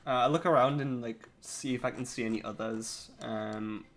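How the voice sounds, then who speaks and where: A man's voice: mid-range voice, steady tone, moderate pace. A man talking casually as a player in a tabletop game, hesitant, with many fillers and laughs.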